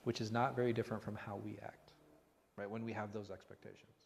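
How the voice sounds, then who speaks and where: A man, an imam, giving a conversational religious lesson, animated and full of rhetorical questions. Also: lowish voice, fast talker, gravelly, slight background noise. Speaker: imam teaching a class. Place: mosque hall. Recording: long reverb in a hall.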